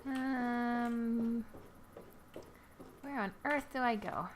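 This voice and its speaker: A woman's voice: fairly high pitch, drawn-out words, a little hiss or hum. A woman casually commenting while she plays a video game, giggling often and muttering flustered, self-mocking remarks to herself. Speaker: gamer playing and commenting. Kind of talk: casual let's-play commentary.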